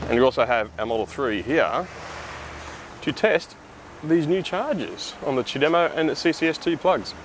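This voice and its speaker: A man's voice: fairly high pitch, lively intonation, normal speed, a little hiss or hum. A man with an Australian accent, chatting upbeat as host of an electric car vlog, recorded outdoors at a petrol station. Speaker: EV channel host. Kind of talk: casual walkaround vlog.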